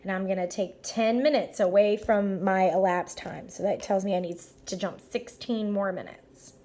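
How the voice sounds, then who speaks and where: A woman's voice: medium pitch, fairly even intonation, moderate pace, mellow. A woman teacher working through math problems aloud, step by step, in an upbeat, encouraging way. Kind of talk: math lesson walkthrough.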